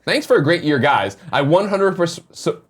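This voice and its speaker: Casual co-host, male, 30s, lively delivery, reads viewer messages with jokes. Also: fairly high pitch, moderate pace, soft background music. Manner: joking, animated, swears casually. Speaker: podcast co-host. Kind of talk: reading viewer tips aloud on a live morning show.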